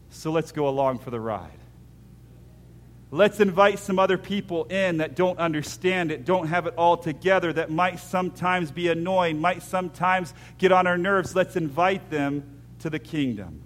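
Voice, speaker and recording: A man preaching a sermon as pastor, moving between hushed, intimate lines and loud acted-out scenes, with jokey asides. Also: high-pitched, moderate pace.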